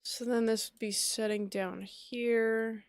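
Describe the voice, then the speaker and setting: Soft-spoken woman streamer muttering while coding. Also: a little high, flat delivery, takes it slowly, clean tone, dry recording, studio quality. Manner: muttering to herself while working, then bursting into laughter. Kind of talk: casual live-stream chat while coding.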